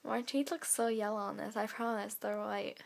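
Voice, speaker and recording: A teenage girl vlogging at home into her camera's built-in mic, chatty and full of fillers, drawing her phrases out slowly. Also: medium pitch, steady tone, vocal fry. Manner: chatty, filler-heavy, drawn-out slow phrasing. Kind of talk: casual vlog, teaching basic Spanish phrases. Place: home, indoors.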